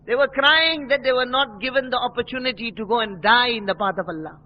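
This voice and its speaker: A man's voice: very high-pitched, fairly quick, hardly any pauses. A man preaching a sermon, telling stories with passion and acting out the people he quotes. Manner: impassioned storytelling, voices quoted speakers. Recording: dull lo-fi recording.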